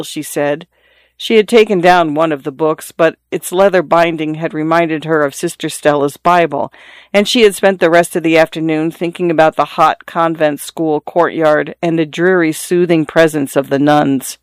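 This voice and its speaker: A man's voice: a little high, normal speed, no room sound. Man reading a novel aloud. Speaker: narrator. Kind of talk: audiobook narration.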